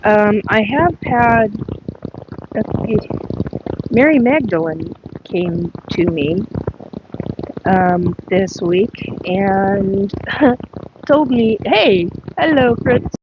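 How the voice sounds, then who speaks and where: Slow, rambling woman on a lo-fi livestream. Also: animated. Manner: rambling, halting, many fillers and asides greeting viewers. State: voice cracking. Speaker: livestream host. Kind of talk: casual spiritual livestream chat. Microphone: earphone mic plugged in. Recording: dull lo-fi livestream audio with faint rumble.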